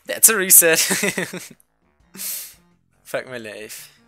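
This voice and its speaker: A man's voice: a little high, sing-song, extremely slow, sharp tone, soft background music. A man streaming a video game, chatting casually, swearing freely and laughing often. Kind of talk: casual gameplay commentary.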